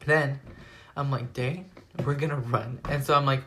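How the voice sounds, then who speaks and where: A teenage young man telling a personal story to his vlog audience in a rambling, animated way, packing nearly every phrase with "like.". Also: mid-range voice, normal speed, background noise. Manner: rambling, animated retelling full of "like". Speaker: vlogger. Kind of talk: storytime retelling.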